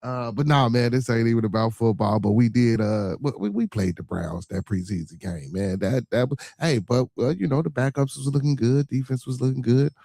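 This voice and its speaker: A man, hosting a casual livestream podcast in a laid-back, rambling way, repeating phrases and giving shout-outs. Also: mid-range voice, a little fast, creaky, few pauses, dry recording. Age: 20s. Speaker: podcast host.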